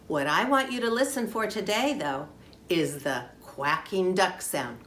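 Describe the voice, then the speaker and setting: A woman teaching a phonics lesson to young children, sounding out words slowly and chanting them in a sing-song way. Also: medium pitch, very animated, a bit bright. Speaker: kindergarten teacher. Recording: echoey room, faint background noise.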